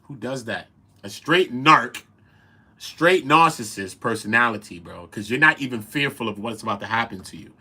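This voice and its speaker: A man hosting a casual commentary show, talking in an animated, profane and incredulous way. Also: mid-range voice, normal speed, husky. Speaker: commentary host.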